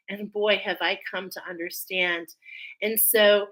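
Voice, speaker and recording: A woman's voice: mid-range voice, fairly even intonation, unhurried, pushed and bright, low-quality recording. A woman hosting a spiritual oracle card reading, talking effusively and often emotionally. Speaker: angel oracle card reader.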